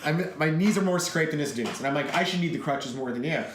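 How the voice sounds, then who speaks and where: A man's voice: fairly high pitch, lively intonation, fast, noisy background. Rambling, crude young man, echoey room. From Canada. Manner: crude, rambling storyteller, laughs often. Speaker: podcast co-host. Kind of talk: casual chat.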